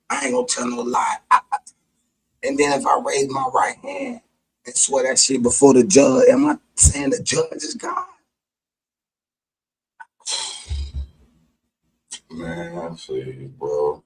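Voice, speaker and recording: A man delivering a heated, profane, preachy monologue, combative in tone and breaking into sudden shouted outbursts. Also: low voice, breathy edge, low-quality recording.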